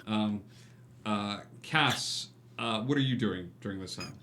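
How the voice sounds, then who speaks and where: A man narrating as game master of a tabletop game, relaxed and full of fillers. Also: on the low side, slow pace. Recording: echoey room with faint hum.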